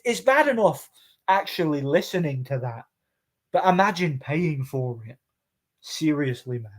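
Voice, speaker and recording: A man's voice: mid-range voice, darkish tone. A man, hosting a casual live chat, rambling and mocking, laughing often between remarks. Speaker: channel host reading chat comments.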